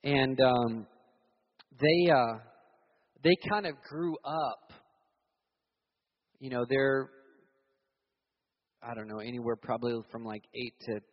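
A young man from Virginia preaching a sermon, telling stories animatedly and acting out loud shouted voices. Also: mid-range voice, slow pace, long pauses. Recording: reverberant hall, dull sound.

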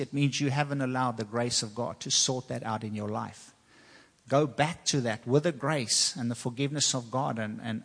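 Guy preaching in a church hall, middle pitch, earnest testimony style, lots of long reverb. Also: vocal fry, fairly bright tone. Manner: earnest, personal testimony with repetition. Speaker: pastor. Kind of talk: sermon.

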